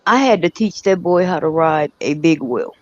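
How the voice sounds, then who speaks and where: A man's voice: fairly high pitch, lively intonation, moderate pace, no echo. Emphatic man telling stories, dry lo-fi sound. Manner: laughs easily, talks in emphatic, repeating phrases. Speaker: podcast co-host. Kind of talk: casual storytelling chat. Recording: dull, dry lo-fi recording.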